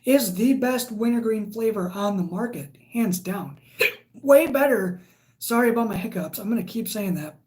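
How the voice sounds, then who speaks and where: A woman's voice: medium pitch, darkish tone. A woman hosting a casual livestream, reading viewer comments aloud and chatting in a rambling way. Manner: chatty and rambling, with frequent fillers. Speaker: livestream host.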